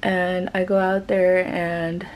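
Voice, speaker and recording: A woman's voice: on the low side, little pitch movement, slow pace, slight background noise, rough recording. A young woman vlogger telling a story casually while doing her makeup, rambling with lots of filler words. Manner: chatty, rambling, many "like" fillers. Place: home.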